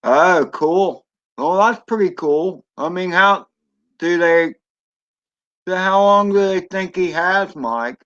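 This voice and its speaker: Slow-talking man in casual stream chat. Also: high voice, fairly bright tone, dull audio. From Florida. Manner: rambling, chatty, reads chat aloud. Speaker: drone hobbyist streamer.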